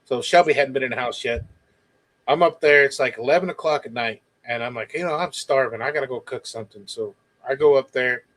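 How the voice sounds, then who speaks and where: A man appearing as a guest acts out other people's lines in lively bursts while telling a story in casual conversation. He speaks a little fast in a mid-range voice, and the audio is rough.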